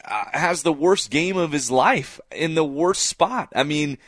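A man's voice: on the high side, a little slow, fairly bright tone, no echo, studio quality. A man co-hosting a sports talk show, making his points with emphatic repetition. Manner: emphatic, repeating phrases for effect. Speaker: sports radio co-host.

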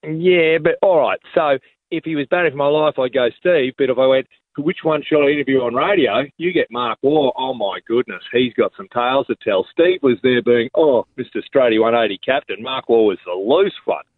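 A man's voice: medium pitch, normal speed, no room sound. An Australian man, a cricket commentator, chatting casually on radio, blokey and joking as he tells stories with enthusiasm. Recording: tinny phone line, dry.

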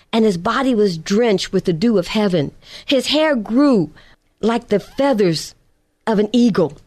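A woman preacher telling a prayer testimony in a fervent, rhythmic way, slowing down for emphasis. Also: fairly high pitch. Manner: fervent, rhythmic storytelling with slowed emphatic phrases. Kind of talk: testimony sermon.

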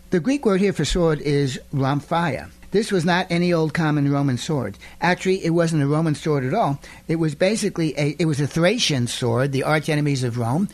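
A man preaching a radio sermon emphatically, building to loud indignant rises. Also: on the high side.

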